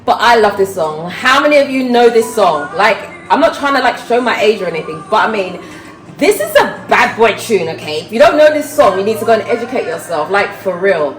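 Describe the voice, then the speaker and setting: A woman's voice: medium pitch, brisk, soft background music. A middle-aged woman chatting casually to camera in her kitchen, exclaiming and talking straight to her viewers. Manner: expressive, exclaiming, talks to camera. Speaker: vlogger. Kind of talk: casual vlog chat. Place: home kitchen. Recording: roomy kitchen echo.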